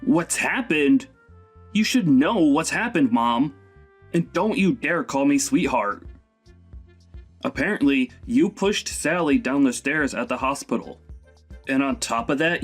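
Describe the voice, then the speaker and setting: Brief: man as a stern young son, indignant, mid-pitched. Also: slightly rough. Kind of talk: animated story voice acting.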